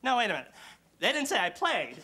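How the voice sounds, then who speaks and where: A woman acts out a dorky young college guy who gushes and rambles with bouncy, swooping high pitch. His voice sits well above a typical man's, and the TV sketch recording is full of loud noise. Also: huge pitch swings, fast talker. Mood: goofy. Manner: overly chipper, dorky, rambling. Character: goofy eager nerdy young male college freshman. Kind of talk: sketch comedy acting.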